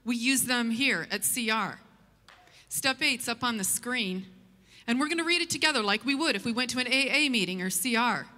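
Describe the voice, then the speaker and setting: Woman pastor, earnest sermon delivery, bright tone, church hall echo. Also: a little high, expressive, moderate pace. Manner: earnest, storytelling preacher. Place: church sanctuary. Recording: long church hall reverb.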